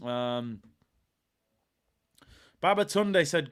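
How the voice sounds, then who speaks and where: A man's voice: fairly high pitch, expressive, moderate pace, a bit bright. A man hosting a live football watch-along stream, talking emphatically in casual chat, repeating lines for effect and answering viewers' comments.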